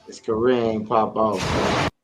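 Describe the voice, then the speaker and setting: Man, casual commentary, relaxed slang, hedging. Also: on the low side, slow pace, loud music behind the voice.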